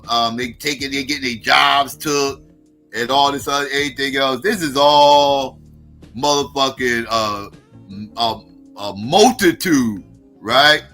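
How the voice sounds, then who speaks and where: A man hosting a livestream, ranting in a loud, mocking, heavily profane way. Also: mid-range voice. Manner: heavy cursing, mocking, loud bursts. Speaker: livestream host. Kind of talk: profane political rant.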